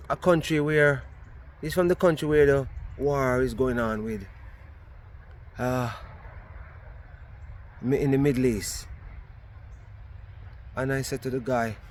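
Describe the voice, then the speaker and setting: A Jamaican man recounting a story outdoors in a casual vlog, his voice sitting a little higher than most men's. He tells it animatedly and keeps doubling back on his words. He is recorded on a camera set on a tripod. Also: a little hiss or hum. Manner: animated retelling with repeated restarts. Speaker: vlogger.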